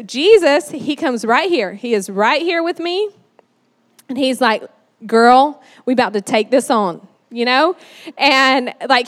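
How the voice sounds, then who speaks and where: A woman giving a conversational sermon, chatty and animated with lots of fillers. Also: high voice. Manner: chatty and animated, many "like"s and "you know"s. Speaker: church speaker. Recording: long hall reverb.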